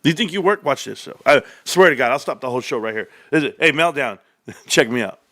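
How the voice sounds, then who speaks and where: A middle-aged man hosting a casual livestream, energetic and animated, laughing often. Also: medium pitch, fast talker, dry recording. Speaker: livestream host.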